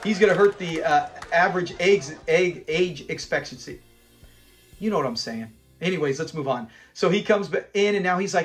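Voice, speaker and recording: Male fan-channel host, slightly high voice, casual animated recap, chuckles a lot, faint music under. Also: moderate pace. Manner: animated, rambling, chuckles often. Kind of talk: casual chat recapping a sitcom episode.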